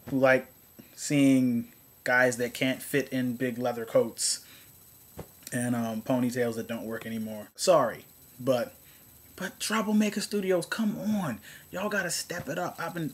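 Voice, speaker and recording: A man talking casually to camera in a rambling, sarcastic rant. He keeps restarting his sentences and swings between low mutters and high, exasperated outbursts. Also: measured pace. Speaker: vlogger.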